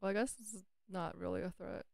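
A woman's voice: fairly low pitch, fairly even intonation, fast, gravelly, dry recording, studio quality. A woman talking casually to herself and viewers while playing chess online, chatty and playfully cursing. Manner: breaks into sung lines. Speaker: chess streamer.

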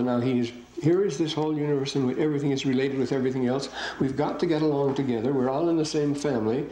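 A man's voice: mid-range voice, steady tone, quick pace, few pauses, mellow, low-quality recording. Older man lecturing with asides. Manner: reads verses aloud and comments in asides, rambling. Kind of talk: classroom scripture lecture.

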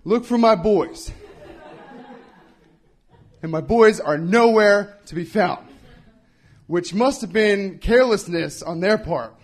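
A young man performing a stand-up comedy set at a live event, telling a story with lively voices for the people in it. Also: high-pitched, unhurried. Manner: animated storytelling, acts out characters with shouts and whispers. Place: live podcast event before an audience.

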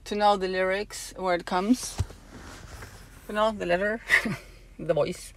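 A woman's voice: mid-range voice, steady tone, slow, noisy background. A woman opera singer in a casual vlog, explaining things from her car in a chatty way with many fillers, slightly out of breath.

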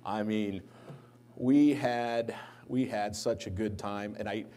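Man giving a church eulogy, low-pitched, anecdotal, livens up on quoted lines. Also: takes it slowly. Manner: anecdotal storytelling, lively when quoting others. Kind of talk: eulogy at a memorial service. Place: church sanctuary.

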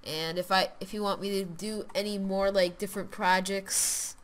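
A woman casually commenting as she builds in a video game, mostly muttering to herself, repeating words, and growing loud and cheery when she signs off. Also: mid-range voice, steady tone, normal speed, slight background noise. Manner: mutters quietly while building, then loud and upbeat when signing off; repeats words and restarts phrases. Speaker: gaming channel host.

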